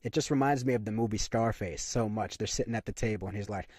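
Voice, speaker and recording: A man's voice: on the low side, fast, a little mellow, dry recording, studio quality. A young man delivering an opinionated monologue to camera, ranting emphatically and repeating his points with frequent fillers. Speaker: commentary channel host.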